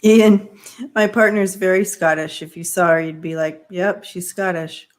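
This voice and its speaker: A woman's voice: on the low side, steady tone, measured pace. A woman co-hosting a casual livestream on a video call. She talks in a friendly way, explains things and reads out the chat. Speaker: livestream co-host.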